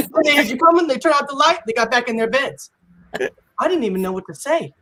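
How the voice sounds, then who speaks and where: A woman in her forties performing a stand-up comedy set on a live stage, animated and acting out dialogue in playful voices. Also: high voice, fairly quick, slight background noise.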